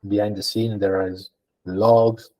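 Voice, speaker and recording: Mellow-voiced man thinking aloud. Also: fairly low pitch, little pitch movement, slow pace, poor audio. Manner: thinks aloud with frequent fillers and restarts; conversational and explanatory. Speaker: guest data engineer. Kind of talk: podcast interview.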